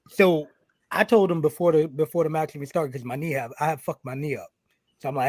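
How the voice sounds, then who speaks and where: A man in a casual podcast, telling a wrestling story in a slightly high voice, full of swearing and acted-out exchanges. His voice is close and dry, with no room around it. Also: fast, dry recording. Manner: animated, swears constantly, acts out quoted exchanges.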